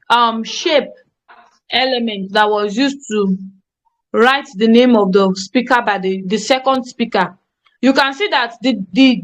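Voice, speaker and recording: Woman, design tutor, slightly high voice, emphatic and repetitive, live online class feel. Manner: emphatic, repetitive, checks on students.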